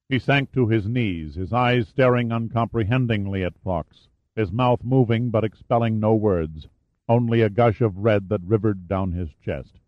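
A man's voice: on the low side, dry recording, dull audio. Man narrating a thriller audiobook.

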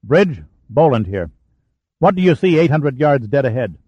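A man's voice: mid-range voice, very animated, normal speed, dark tone, husky, no echo, highs cut off. Man doing a clipped, commanding ship's commander. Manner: clipped, authoritative.

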